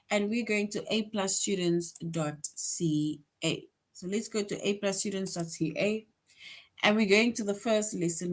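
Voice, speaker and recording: Patient woman teaching grammar to kids. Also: mid-range voice. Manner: explains patiently, tag question "right?" after most points; reads example sentences slowly with emphasis. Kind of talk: online grade-school grammar lesson.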